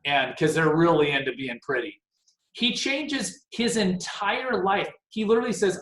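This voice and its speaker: A man's voice: sits high, unhurried, fairly bright tone, reverberant, low-quality recording. A man in his forties leading a casual motivational team meeting on a video call, rambling and self-deprecating. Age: 40s.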